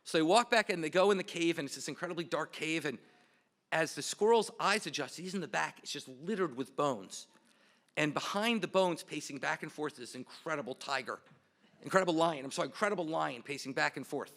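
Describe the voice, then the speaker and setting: A man's voice: on the high side, brisk, fairly bright tone. A man giving a memorial speech and introducing a panel, speaking as host in a lightly humorous, anecdotal way. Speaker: department representative and panel host.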